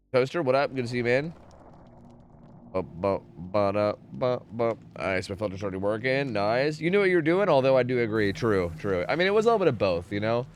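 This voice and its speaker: Animated, swearing male streamer. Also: mid-range voice. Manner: animated, profane, ranting. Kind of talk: casual chat.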